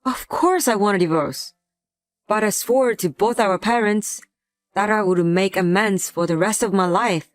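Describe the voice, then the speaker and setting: A woman's voice: medium pitch, unhurried, no room sound, natural voice. A woman voicing a resentful adult husband who talks in a curt, contemptuous way in a scripted drama.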